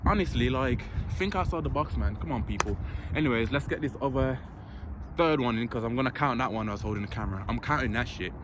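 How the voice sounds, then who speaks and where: Talking fast in a medium-pitched voice, a young man vlogs from a park court, chatty, blunt and cursing freely at his camera. He's a fitness vlogger filming on a handheld or propped-up camera, with passing vehicles and city noise in the background.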